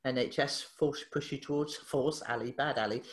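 A woman, a therapist guest on a podcast, telling a story in a lively way, acting out the dialogue and laughing often. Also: very deep voice, normal speed. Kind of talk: animated storytelling in an interview. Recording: echoey room.

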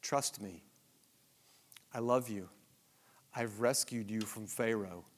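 A man voicing God as a loving, reassuring father, speaking softly and gently. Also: sits high, racing, lightly acted. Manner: soft, hushed, gentle.

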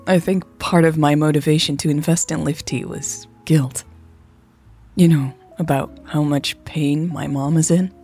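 A woman doing a thoughtful, soft-spoken young woman. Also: low-pitched, fairly even intonation, measured pace, soft background music. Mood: reflective.

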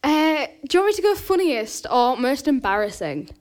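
A woman's voice: high-pitched, sing-song, moderate pace. A woman chatting on a podcast as the guest, giggly and self-deprecating, rambling through her stories with lots of fillers. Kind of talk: casual podcast chat.

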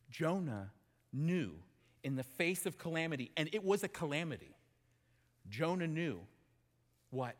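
A man preaching a sermon in an animated, emphatic way, often asking his listeners questions. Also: fairly high pitch. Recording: long hall reverb.

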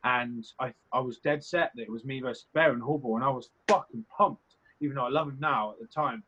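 On slightly muffled lo-fi audio, a young man who competed on a reality show guests on an interview, talking loosely and candidly with occasional swearing. His voice is husky and bright, medium in pitch, with a forceful tone and a slightly quick pace.

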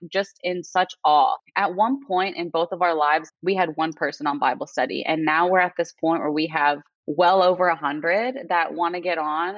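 A young woman with a notably low voice speaks earnestly and from the heart, trailing in easy "you know"s and "like"s. The sound is dull and lo-fi, dry with no room around it. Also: no echo. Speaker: guest. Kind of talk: casual faith testimony chat. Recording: dull lo-fi audio.

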